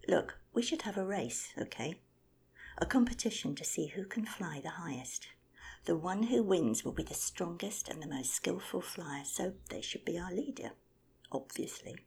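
A woman's voice: on the low side, lively intonation, normal speed, vocal fry, darkish tone, slight background noise, pitched above the performer's own voice. A woman voicing a bossy, quarrelsome male magpie in a whispered storybook reading. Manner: bossy, impatient.

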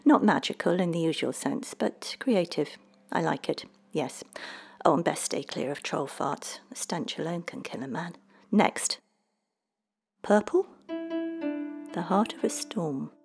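A woman's voice: sits low, animated, slow, vocal fry, long pauses, slightly rough, soft background music, heavily acted. A woman voicing a prim, demanding little male leprechaun in a storybook reading, with clipped, formal orders. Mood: imperious.

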